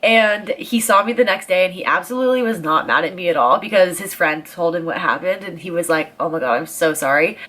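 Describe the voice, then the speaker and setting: In a lowish voice, a woman in her twenties relates a story for her vlog in a casual, chatty way. She swears freely, stays animated, and pushes the drama with strong emphasis.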